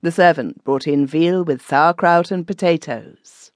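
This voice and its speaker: A woman narrating a classic story in an audiobook, wry and measured. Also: deep voice, dry recording, studio quality. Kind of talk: scripted narration.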